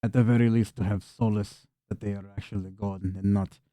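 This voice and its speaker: A weary old burgomaster speaks in a solemn, heavy way, as a man puts him on. His voice sits low and mellow. The sound is dry and close. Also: fairly even intonation, a little fast, no echo, close to an everyday voice. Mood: grave. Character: weary old male burgomaster, grieving leader.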